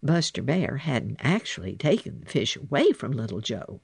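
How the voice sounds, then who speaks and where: A man narrating a children's animal storybook in an expressive, animated way. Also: mid-range voice, moderate pace, vocal fry, slightly rough, dry recording. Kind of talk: storybook reading.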